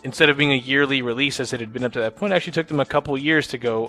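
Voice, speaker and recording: A man's voice: mid-range voice, very fast, few pauses, pushed and bright, soft background music. Rambling, laid-back game podcast man. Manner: rambling, profane, laughs often. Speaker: podcast co-host. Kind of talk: casual chat about video games.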